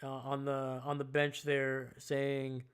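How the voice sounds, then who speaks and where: Speaking slowly with a clean, medium-pitched tone, this man offers live fan play-by-play and reactions. His manner is casual and self-mocking, and big plays get him excited.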